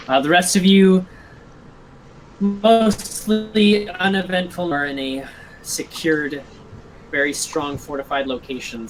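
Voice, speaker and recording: A man's voice: on the high side, fairly bright tone, a little hiss or hum, poor audio. A man as game master narrating a tabletop game in a casual, filler-heavy way, explaining rules.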